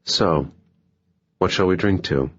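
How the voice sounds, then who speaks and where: A man's voice: deep voice, slow pace, breathy edge, dull audio, exaggerated voice. A man voicing a cool, dry-witted male assassin with an understated delivery.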